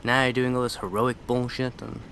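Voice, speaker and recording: A man's voice: medium pitch, level tone, brisk, gravelly, a bit bright, a little hiss or hum. A man commenting casually on a video game he is playing, with sarcastic, irreverent asides. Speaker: let's play commentator.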